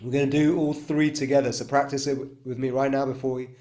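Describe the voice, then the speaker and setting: A man's voice: mid-range voice, quick pace. A man guides a breathwork and chanting practice in an easy, reassuring way. He demonstrates the tones himself between his explanations. He keeps checking in with his listeners as he goes. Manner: calm coaching with frequent "okay?" and "right?" check-ins. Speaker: breathwork coach.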